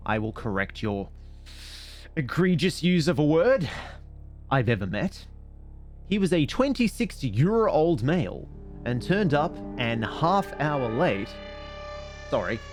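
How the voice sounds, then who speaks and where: Animated man reading stories aloud. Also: medium pitch. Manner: animated, digressive, self-mocking. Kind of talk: casual commentary and story reading.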